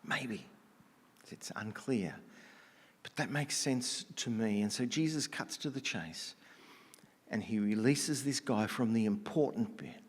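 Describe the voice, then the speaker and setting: A man preaching a conversational sermon, telling stories in a relaxed, casual way with slang and frequent restarts. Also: mid-range voice, measured pace, slightly rough, long reverb tail.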